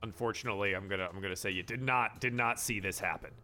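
A man's voice: on the low side, steady tone, quick pace, pushed and bright, faint music behind. A man running a tabletop game as game master, narrating in an easygoing way.

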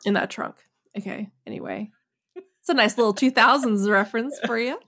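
A woman's voice: on the high side, moderate pace, a bit bright. A woman co-hosting a casual movie podcast, describing a scene in a wry, matter-of-fact way. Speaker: podcast co-host.

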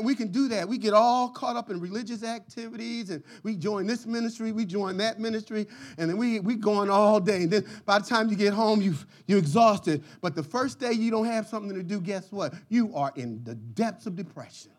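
A pastor preaching a sermon with passion, swinging from quiet lines to shouts and breaking into laughter and jokes. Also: male voice, high voice, a little fast, few pauses.

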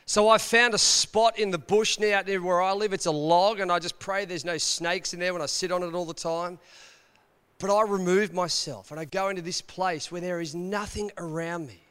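High-voiced Australian pastor preaching. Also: male voice, normal speed, smooth. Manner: animated storytelling with rhetorical questions to the congregation. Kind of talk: conversational sermon. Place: church. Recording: long reverb of a church hall.

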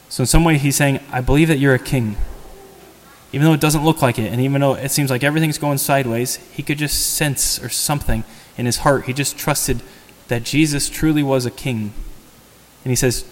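A man's voice: mid-range voice, normal speed. A man giving a homily as a priest, in a conversational sermon style that poses rhetorical questions to the congregation. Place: church. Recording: long church reverb.

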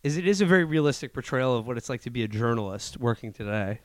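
A man's voice: mid-range voice, animated, quick pace, no echo. A man co-hosting a podcast in casual chat, joking and laughing often. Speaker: podcast co-host.

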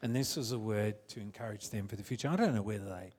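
A man telling a personal testimony, halting and rambling with many restarts. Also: lowish voice, darkish tone, slightly rough. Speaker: congregation member.

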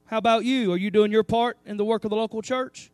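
A man preaching a sermon to his church, animated, breaking into asides and calling out to the congregation. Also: high voice, fast, dry recording. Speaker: pastor. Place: church sanctuary.

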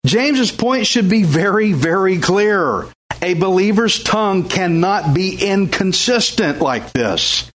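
A man with a high-pitched voice preaches a sermon, emphatic and exhorting. He drives his points home with rhetorical questions. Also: lively intonation, takes it slowly, a bit bright. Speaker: pastor.

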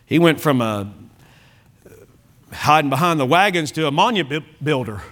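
A male pastor preaching an evening sermon, emphatic, with frequent restarts and softer asides. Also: on the high side, expressive, normal speed. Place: church service.

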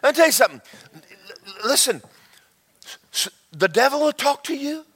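A man preaches in a folksy, animated way. His voice sits high for a man and has a bright, forceful edge. He talks straight to the congregation, repeating phrases and throwing in shouted asides. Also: normal speed, breathy edge. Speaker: pastor. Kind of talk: sermon.

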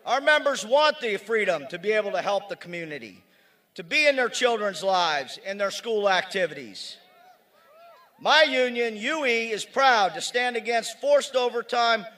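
A man from Erie, Pennsylvania, a union speaker giving a rousing rally speech outdoors, shouting his slogans. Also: high voice, expressive, normal speed.

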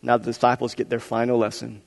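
A man's voice: medium pitch, completely flat delivery, quick pace, vocal fry. Conversational male preacher in a reverberant hall. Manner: conversational, asks rhetorical questions, reads aloud with asides. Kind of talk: sermon reading and explaining scripture.

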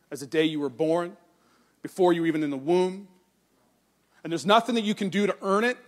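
Man preaching, lively storytelling. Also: high voice. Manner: storytelling with animated quoting, then earnest and softer on scripture. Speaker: pastor. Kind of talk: sermon.

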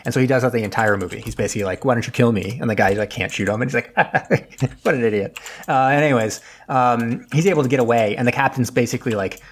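A man's voice: mid-range voice, quick pace, few pauses. A man casually recapping a movie plot on a podcast, rambling with lots of fillers and losing his thread. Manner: rambling, filler-heavy, loses his train of thought.

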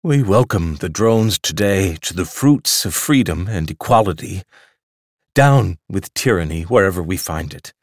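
A man reading aloud plays a fervent, speechmaking idealist who preaches liberation with oratorical fire. The voice sits very low and dry, pushed louder and a little higher for the character's grand declarations. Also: animated, measured pace, vocal fry, no echo, heavily acted.

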